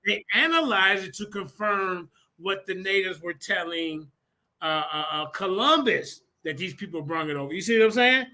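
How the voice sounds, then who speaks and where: High voiced guy hosting a rowdy debate stream, bright and lively, swings up and down a lot, preachy. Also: moderate pace. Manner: animated, preacher-like, repeats "ladies and gentlemen". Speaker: show host. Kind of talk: heated online debate show.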